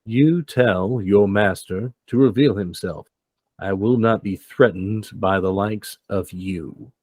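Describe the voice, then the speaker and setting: Stern old master of martial arts, put on by a man, deep low voice, slow formal speech. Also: darkish tone, breathy edge, no room sound. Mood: defiant.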